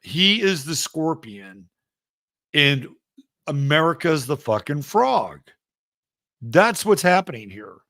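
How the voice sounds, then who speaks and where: A man's voice: mid-range voice, fairly bright tone, no echo. A man hosting a live astrology show, talking casually and emphatically with rambling asides. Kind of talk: casual live-stream commentary.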